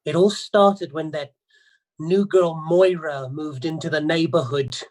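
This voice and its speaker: A man's voice: a little high, steady tone, a little slow, darkish tone, close to an everyday voice, low-quality recording. Paranoid gossipy male crow, sure everyone is up to no good, improvised by an actor. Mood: suspicious. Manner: conspiratorial, dramatic, suspicious. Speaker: improv performer. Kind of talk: improvised first-person storytelling. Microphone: video call.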